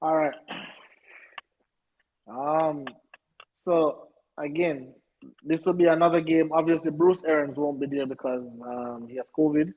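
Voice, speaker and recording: A man with a somewhat husky, fairly high voice argues football with emphatic insistence. He pushes back hard and repeats himself to drive each point home. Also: unhurried, pauses often, a little mellow, muffled recording. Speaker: sports podcast co-host. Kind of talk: casual sports debate.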